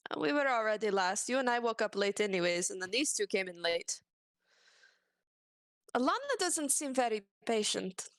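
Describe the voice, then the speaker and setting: A woman's voice: mid-range voice, very animated, normal speed, fairly bright tone, no room sound, clean studio sound. A woman playing a tabletop game, talking hesitantly with many fillers. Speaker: player. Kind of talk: in-character tabletop play.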